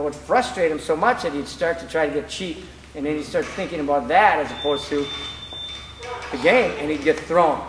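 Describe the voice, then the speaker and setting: A man coaching grappling technique on the mat, telling stories as he demonstrates moves. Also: a little high. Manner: animated, storytelling, demonstrates moves. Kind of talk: mat-side technique instruction. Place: training gym. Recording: echoey gym, background noise.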